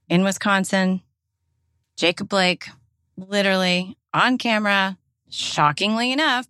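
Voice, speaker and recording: A woman's voice: lowish voice, a bit bright, dry recording. Impassioned Southern woman, dry close sound. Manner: emphatic, impassioned, swears freely. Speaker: podcast co-host. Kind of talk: casual chat.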